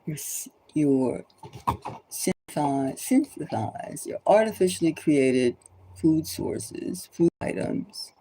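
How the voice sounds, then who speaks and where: A woman's voice: sits low, expressive, slow, dark tone, low-quality recording. A woman tarot reader giving an impassioned, preachy monologue full of urgent repeated exhortations, sometimes dropping to a whisper.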